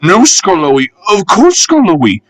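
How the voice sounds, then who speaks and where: A man voicing a group of childish, sulky railway coaches in a whiny high voice. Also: big pitch swings, slow, fairly bright tone, dry recording, exaggerated voice. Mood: meek.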